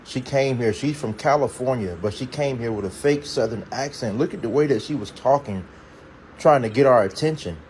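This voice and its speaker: A man's voice: mid-range voice, fairly quick, a little mellow, rough recording. Indignant man in a commentary clip, faint noise. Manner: indignant, emphatic.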